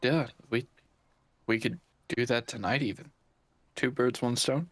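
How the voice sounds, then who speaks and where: A man's voice: medium pitch, a little slow, no echo. A man chatting easily as a player in a tabletop game, laughing often. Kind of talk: casual chat at a tabletop game.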